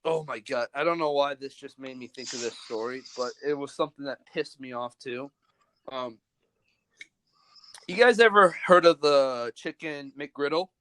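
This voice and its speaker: A man's voice: medium pitch, normal speed, bright, forceful tone, no echo. A young man hosting a podcast, telling stories in a rambling, profane, casual way. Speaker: podcast host. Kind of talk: casual chat.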